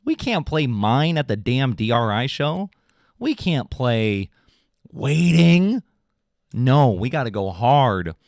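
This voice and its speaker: A young adult man, a podcast host, ranting in an animated, casual, swearing way. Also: slow pace, gravelly, no room sound, studio quality. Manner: animated, swearing, mocking voices in high pitch. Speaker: drummer in a pop punk band. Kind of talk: casual comedic rant.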